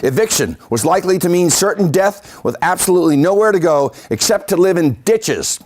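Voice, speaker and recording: A man's voice: high-pitched, expressive, brisk, a little mellow. A man giving a history lecture at a senior center, adding pointed asides to his audience. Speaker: local historian giving a talk. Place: senior center meeting room.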